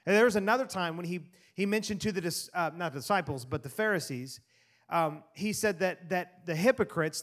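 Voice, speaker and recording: A man preaching a sermon in an animated way, swinging from loud emphasis to quiet asides. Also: sits high. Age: adult parent. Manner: animated preaching, rising and dropping to soft asides. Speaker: pastor.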